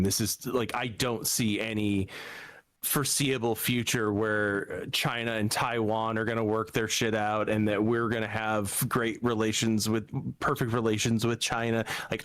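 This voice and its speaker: A man's voice: lowish voice, fairly bright tone. A man in casual podcast chat, hedging his points and filling them with "like". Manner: hedging, lots of "like", restarts. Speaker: podcast co-host.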